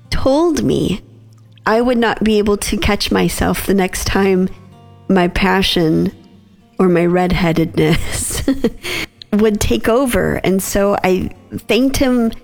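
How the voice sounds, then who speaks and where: Woman, thirties, devotional host; unhurried, soft, mid-pitched. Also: gravelly. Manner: unhurried, soft, with pauses and small laughs. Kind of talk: gentle devotional reflection.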